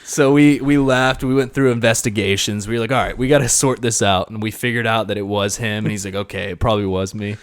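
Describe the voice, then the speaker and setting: A young man co-hosting a podcast, telling a rowdy party story in casual chat, animated and swearing, laughing as he goes. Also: medium pitch, a little fast, few pauses, smooth. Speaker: podcast co-host.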